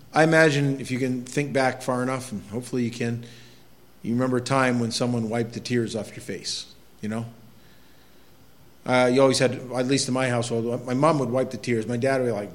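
A middle-aged man preaching a sermon as pastor, talking casually with the congregation, asking them questions, and reading scripture aloud with growing intensity. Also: medium pitch.

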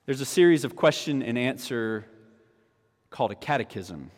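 A man preaching a sermon as pastor, moving between hushed teaching and rising, fervent proclamation. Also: mid-range voice, expressive, normal speed, long reverb tail.

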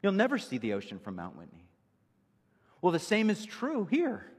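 A man's voice: high voice, huge pitch swings, normal speed, slightly rough, long reverb tail. A male pastor preaching an emphatic, verse-by-verse expository sermon in a church sanctuary.

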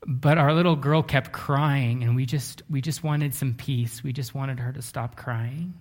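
A man preaching a sermon, telling a story earnestly, slowing down and dropping to a hush for emphasis. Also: medium pitch, steady tone. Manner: earnest, often slows down and drops to a hush for emphasis. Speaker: pastor.

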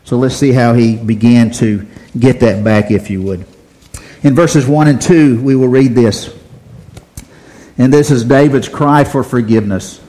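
A man's voice: mid-range voice, a little slow, warm tone. A man preaching a sermon, asking the congregation rhetorical questions and repeating phrases for emphasis.

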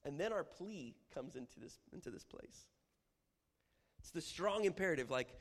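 A man giving a lively, humorous church teaching, acting out prayers as he explains them. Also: medium pitch, fast talker. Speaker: Bible teacher. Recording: long hall reverb.

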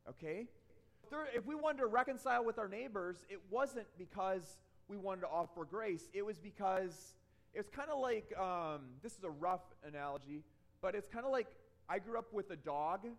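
A man with a fairly high voice delivers a sermon. He keeps it conversational, telling stories from his own life and often stopping to ask "okay?". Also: animated, moderate pace. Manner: conversational, checks in with frequent "okay?"; tells personal stories to explain points. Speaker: pastor.

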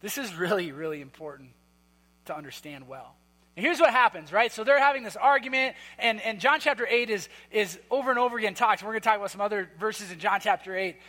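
A man preaching a sermon in a church hall, conversational and emphatic, with quick asides. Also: high voice, lively intonation, sharp tone. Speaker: pastor.

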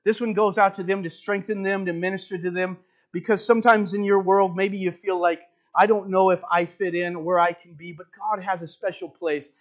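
High-voiced man preaching a sermon. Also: fairly even intonation, normal speed, lo-fi sound. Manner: emphatic, swells loud then drops soft.

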